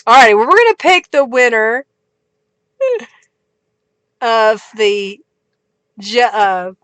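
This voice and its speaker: A woman's voice: a little high, expressive, takes it slowly, a bit bright, clean tone. A woman hosting a live craft stream, chatting casually, reading viewer comments and laughing often. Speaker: craft livestream host. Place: home craft studio.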